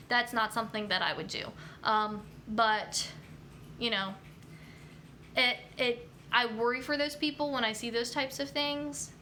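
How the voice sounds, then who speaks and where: Bright-voiced woman chatting on a live stream. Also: fairly high pitch, unhurried, long pauses, slight background noise. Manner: chatty, many fillers like um and you know. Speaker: nutrition YouTuber hosting a live stream. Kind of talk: casual live-stream chat reading comments.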